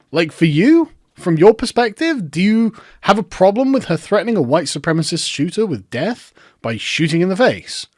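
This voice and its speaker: Guy doing sarcastic commentary, kinda high voice, bouncy and mocking, dry close mic. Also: no echo. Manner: mocking, incredulous, breaks into laughter. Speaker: online commentator.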